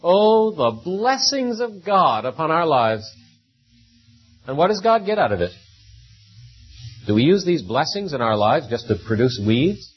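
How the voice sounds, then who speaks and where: Husky-voiced male preacher, lo-fi recording. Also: on the high side, big pitch swings, unhurried, long pauses, faint music behind. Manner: conversational, with rhetorical tag questions. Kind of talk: sermon.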